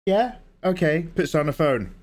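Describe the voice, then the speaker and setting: A man's voice: mid-range voice, expressive, a little fast. A man chatting and joking casually while he draws on a livestream. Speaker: livestreaming artist. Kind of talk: casual chat while drawing.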